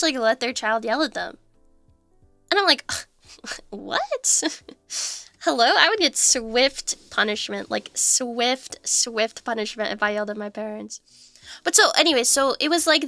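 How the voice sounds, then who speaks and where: Bright, high-voiced chatty young woman. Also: creaky, no room sound. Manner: chatty storyteller who laughs often and fills with "like". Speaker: streamer. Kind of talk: casual livestream chat.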